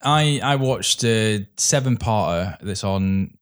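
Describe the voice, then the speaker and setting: A man's voice: on the low side, expressive, slow pace, clean tone. A man co-hosting a podcast, chatting casually about films in a rambling way with many restarts. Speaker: podcast co-host. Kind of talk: casual film chat.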